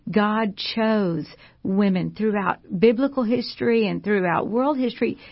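A woman's voice: medium pitch, unhurried, highs cut off. A woman, a pastor's wife giving a fervent, preacherly testimony on a Christian talk show. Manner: fervent, preacherly, repeats phrases.

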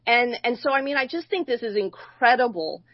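A woman's voice: on the high side, expressive, brisk, no echo, highs cut off. A woman co-hosting a Bible discussion, speaking earnestly and emphatically, often restarting her sentences. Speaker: co-host.

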